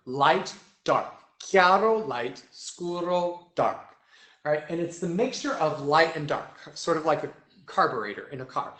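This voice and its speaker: Here a young man instructs a choir on singing technique, breaking it down step by step and checking understanding with "right?". He's on the high side and a bit bright in tone, and he sings his demonstrations. The room gives an echoey sound.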